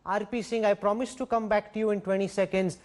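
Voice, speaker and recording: High-voiced Indian anchor, probing. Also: male voice, little pitch movement, darkish tone. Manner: probing, measured questioning. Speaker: news anchor. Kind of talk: moderating a TV news debate.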